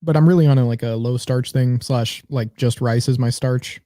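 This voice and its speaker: Mellow, dark-toned male podcast co-host. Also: mid-range voice, normal speed, no room sound, clean studio sound. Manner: teasing, loose with "like" fillers. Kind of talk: casual chat.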